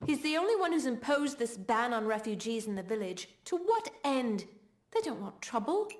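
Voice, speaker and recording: A woman's voice: fairly high pitch, sing-song, normal speed, reverberant. A woman voicing a scornful, indignant villager in a video game who defends refugees. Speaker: game character.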